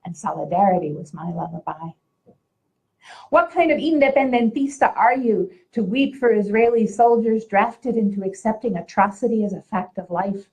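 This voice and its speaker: A woman from Puerto Rico, a poet, reading her own poem aloud in a measured, rhythmic declamation. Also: mid-range voice, a little mellow, poor audio. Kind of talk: poetry reading.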